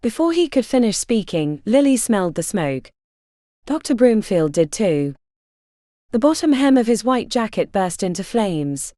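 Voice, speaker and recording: A woman narrating a fantasy audiobook in an expressive storytelling style. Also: mid-range voice, dry recording, studio quality.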